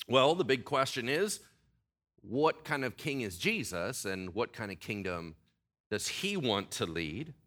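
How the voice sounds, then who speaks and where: A man's voice: mid-range voice, very animated, measured pace, fairly bright tone. A middle-aged man preaching a sermon in a conversational way, often asking the congregation questions. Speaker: pastor.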